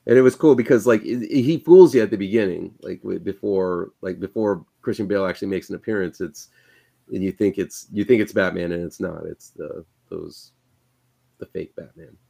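Casting: gravelly man, lowish voice, hesitant podcast co-host. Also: mellow. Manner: halting, many fillers and restarts. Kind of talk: casual movie review chat.

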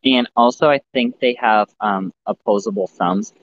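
A man in his thirties co-hosting a casual podcast, joking and often jumping into high-pitched impressions. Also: moderate pace, highs cut off, slight background noise. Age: 30s. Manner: animated, jokey, slips into high-pitched impressions. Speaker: podcast co-host and editor.

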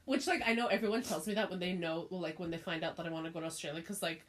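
A woman's voice: on the low side, very fast. A young woman in casual chat, giggly and blunt, swearing a lot and saying "like" often.

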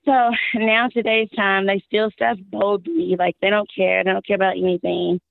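A woman from Texas calling into a show, her voice hoarse and worn out, rambling and exasperated with frequent laughs. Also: mid-range voice, level tone, normal speed, dry recording. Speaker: caller. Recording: tinny phone line.

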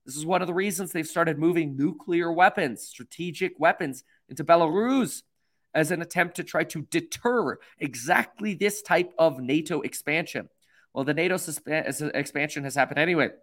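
A man's voice: on the high side, normal speed, fairly bright tone. Rambling man reading and commenting on news. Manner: rambling, frequent fillers and restarts, emphatic. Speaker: finance commentator.

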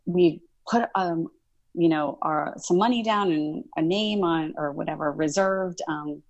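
A woman's voice: deep voice, measured pace, dry recording, highs cut off. A middle-aged woman, a college instructor, telling her story in a casual interview and acting out past conversations. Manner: animated, acts out past dialogue in quoted voices.

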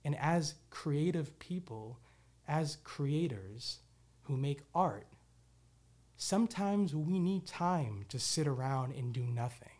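A man's voice: on the high side, animated, slow, a little mellow. A man hosting his own show, talking candidly and reflectively in a casual monologue, with loose restarts and the odd swear word. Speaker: podcast host.

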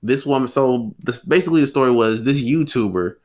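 A man's voice: medium pitch, a little fast. A man co-hosting a podcast, talking casually and animatedly, often acting out the people he talks about. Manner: animated, acts out quoted people. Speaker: podcast co-host.

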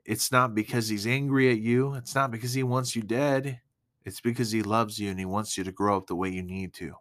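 Earnest low-voiced man giving a devotional talk. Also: steady tone, a little fast, fairly bright tone. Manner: earnest, emotional, casual with many fillers. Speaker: Christian speaker.

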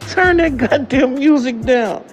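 A man voicing a tired, angry middle-aged father who yells and curses at his son. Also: very high voice, measured pace, soft background music, voice pushed up. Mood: outraged. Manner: yelling, cursing, exasperated.

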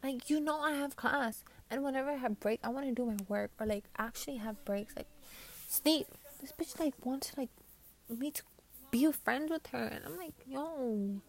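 A woman's voice: high voice, moderate pace, vocal fry. Profane ranting New young woman. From New York. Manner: profane, ranting, gets loud when riled up. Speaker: vlogger. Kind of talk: casual Q&A chat.

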